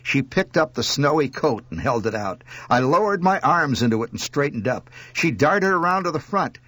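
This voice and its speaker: A man reading a humorous story with wry, expressive narration. His pitch swings widely and his voice has a husky grain. The sound is dry and close to the mic. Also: normal speed, hardly any pauses, no room sound. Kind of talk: scripted narration.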